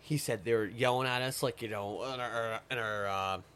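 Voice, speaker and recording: A man's voice: lowish voice, fairly even intonation, moderate pace, fairly bright tone, smooth. A man telling a long story in a rambling, profane way during a casual podcast chat. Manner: rambling, profane, retells stories in quoted voices. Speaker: podcast guest.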